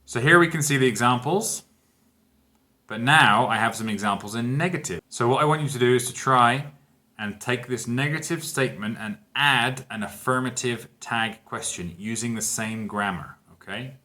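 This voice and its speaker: A man teaching a grammar lesson, speaking example sentences clearly and emphatically and counting down to the answers. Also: mid-range voice, normal speed, sharp tone. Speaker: English teacher.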